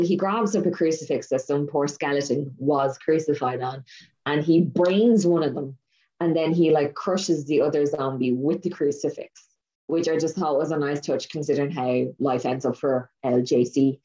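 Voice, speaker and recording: Low-voiced woman rambling excitedly about a movie, muffled lo-fi sound. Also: normal speed. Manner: animated storyteller, laughs often. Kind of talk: casual chat.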